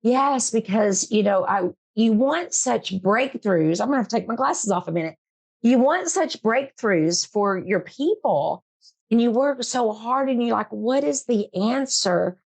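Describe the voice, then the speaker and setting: Her voice is fairly high, expressive and unhurried, with vocal fry. She's a middle-aged woman hosting her own podcast, and in this emotional interview chat she speaks earnestly and emphatically, repeats herself for emphasis and laughs frequently.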